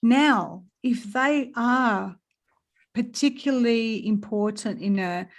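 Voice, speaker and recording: Animated Australian woman telling a story. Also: a little high, slow. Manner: animated storyteller, swears, laughs often. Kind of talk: casual spiritual conversation.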